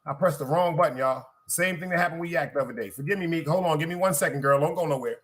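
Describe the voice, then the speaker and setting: A Brooklyn, New York man with a Brooklyn accent hosts a live podcast stream, talking quickly in a slightly high, somewhat bright voice. His chat is casual, profane, and rambling, aimed directly at his viewers.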